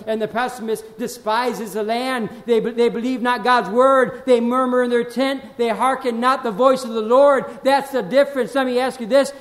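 High-voiced preacher with a lively swing. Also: male voice. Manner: slows and swells on scripture, drops low on asides; addresses the congregation directly, repeats phrases. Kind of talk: sermon with scripture reading.

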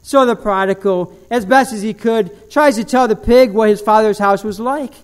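High-voiced pastor preaching a sermon. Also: male voice. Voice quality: animated storytelling, with slow, dramatic drops to a low voice.

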